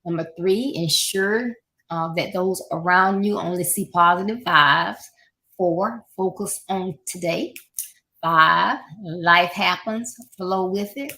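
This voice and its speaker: A woman's voice: lowish voice, slow pace, bright, forceful tone. A middle-aged woman hosting a podcast, giving casual motivational advice and repeating her points with encouraging asides. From Florida, United States.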